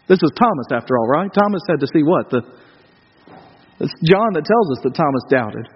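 A man's voice: on the high side, very animated, moderate pace, slightly rough. A man preaching a sermon, conversational and sarcastic, acting out the disciples' lines as he goes. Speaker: pastor. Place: church hall. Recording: dull, hollow church hall recording.

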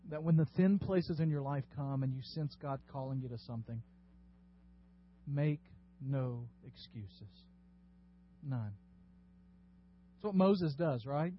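A man's voice: a little high, muffled recording, slight background noise. A man preaching a sermon as pastor, earnest and exhorting. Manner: earnest, exhorting, rising to emphatic bursts.

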